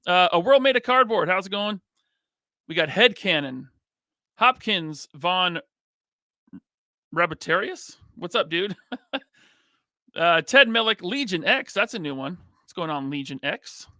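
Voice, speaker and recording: An American podcast host with a high, animated, sharp-toned voice runs a live show, reading out chat members' names and greeting each one quickly in a casual, upbeat way. The sound is clean studio audio with no echo.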